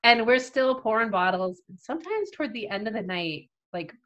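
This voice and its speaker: A woman guest telling a story in a casual chat, lively and acting out what people said. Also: fairly high pitch, a little fast, muffled recording. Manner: lively, acts out quoted people, frequent "like" fillers.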